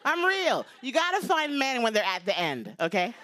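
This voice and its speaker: Before a live audience, a woman in her fifties runs a brash stand-up set, confiding in the crowd and driving toward each punchline. Her voice is a little high, pushed and bright, very animated, at normal speed.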